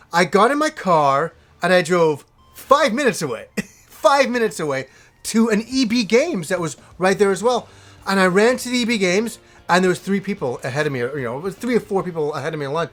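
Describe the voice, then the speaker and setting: A middle-aged male host spins a rambling personal story, acting out what people said and letting the odd curse slip. His voice sits high for a man. Soft music plays faintly behind him. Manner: animated, rambling anecdote with acted-out quotes and swearing. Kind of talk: casual storytelling to camera.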